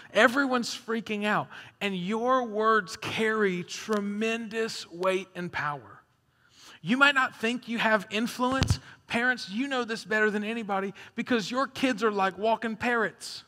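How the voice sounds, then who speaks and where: Bright-voiced pastor preaching in a hall. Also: male voice, high voice. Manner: animated, swings from hushed to loud, acts out quotes. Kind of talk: sermon. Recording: echoey hall reverb.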